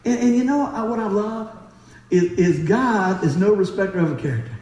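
Animated high-voiced preacher in echoey hall. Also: male voice. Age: 40s. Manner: animated, laughs often, acts out voices in stories; talks fast. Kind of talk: sermon with personal stories. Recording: very echoey room.

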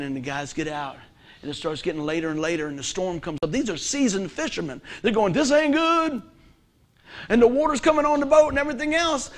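A man preaching a sermon, asking his listeners questions and swinging from loud, emphatic lines to hushed ones. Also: extremely high pitch. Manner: emphatic, asks the congregation questions.

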